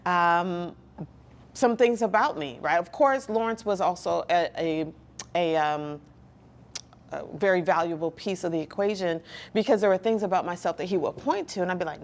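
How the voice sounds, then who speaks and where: A woman talking as an interview guest, earnest and reflective, with pauses and restarts. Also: lowish voice. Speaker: guest, licensed counselor. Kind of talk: candid personal interview talk.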